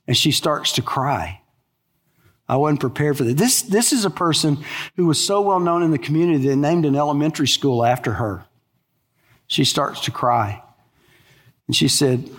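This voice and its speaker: A male pastor preaching a sermon, telling stories and letting his voice sink low and hushed in the sad parts. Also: a little slow, long pauses. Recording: long reverb of a large hall.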